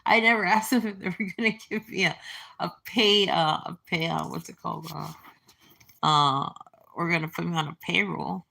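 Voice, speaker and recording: A woman's voice: on the low side, steady tone, normal speed, creaky, sharp tone. A woman in her forties talking to camera in a casual, meandering way, reminiscing with many fillers and restarts. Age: 40s. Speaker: vlogger. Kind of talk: casual rambling monologue.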